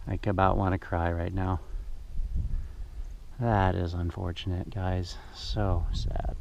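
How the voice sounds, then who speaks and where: Low-voiced chatty fishing vlogger man. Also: fairly even intonation, a little slow, vocal fry, dull audio, noisy background. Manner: chatty, emotional, addresses viewers as guys. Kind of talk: casual outdoor narration to camera. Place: on a boat on a river, outdoors.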